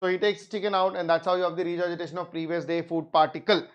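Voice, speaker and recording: A man's voice: high voice, very fast, highs cut off. A middle-aged man with an Indian English accent teaching surgery, telling a patient story and acting out the dialogue. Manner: animated storyteller, acts out dialogue, mixes in Hindi. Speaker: surgery lecturer. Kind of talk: medical lecture with anecdote.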